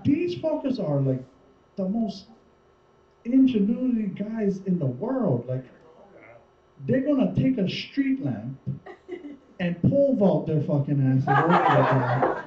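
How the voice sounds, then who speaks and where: Very animated and high-pitched, a man delivers stand-up slowly with long pauses, rambling and swearing while he acts out what others said. He's on a comedy stage before a live crowd, and the recording is distant, roomy and muffled, with slight background noise.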